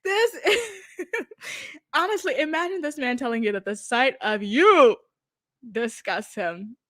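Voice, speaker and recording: A woman's voice: high voice, animated, slow pace, a bit bright, no echo. A young woman chatting to her livestream viewers as she recaps a reality show, giggly and dramatic, talking into a close mic. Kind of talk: casual livestream commentary.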